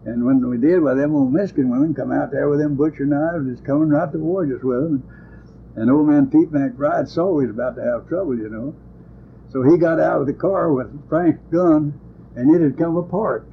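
A man's voice: on the high side, normal speed. An older man, telling rambling, folksy stories from his days as a lawman in an oral history interview. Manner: rambling, folksy, ungrammatical country speech. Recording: tinny lo-fi tape with hiss.

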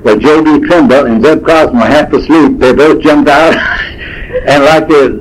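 A man, telling folksy stories from his past in a rambling, unhurried way. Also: on the high side, steady tone, poor audio. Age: 80s. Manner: folksy, unhurried, drifting with fillers and self-corrections. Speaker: storyteller. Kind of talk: rambling spoken reminiscence.

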